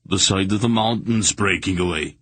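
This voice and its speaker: Terse zealot from the caves, a man doing the voice, curt orders, husky tone, audiobook. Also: sits low, normal speed, fairly bright tone, no room sound. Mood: urgent. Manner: curt, commanding. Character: zealous male cave dweller, stern and terse.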